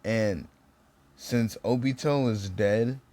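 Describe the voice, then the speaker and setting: A young man telling a homemade fan story off the cuff, full of "like" and self-corrections. His voice sits a bit low, and he keeps a loose, conversational flow. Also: slow pace, mellow. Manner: rambling, many fillers and restarts. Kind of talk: casual fan story retelling.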